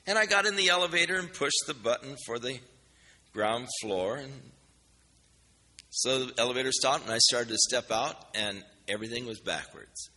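A man preaching a sermon, telling a personal story in a folksy, animated way and acting out the dialogue. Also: medium pitch, normal speed, long reverb tail. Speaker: pastor.

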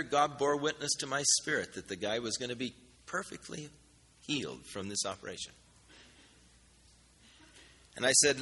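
Bright-voiced pastor telling a story. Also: male voice, mid-range voice, breathy edge, in a large hall. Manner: folksy, animated retelling with acted-out dialogue. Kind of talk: sermon storytelling.

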